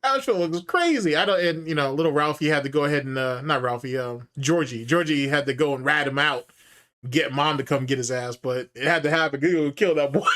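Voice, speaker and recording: A man's voice: fairly high pitch, brisk, a bit bright. A man giving casual, profane commentary as host, mocking and taunting with frequent laughter.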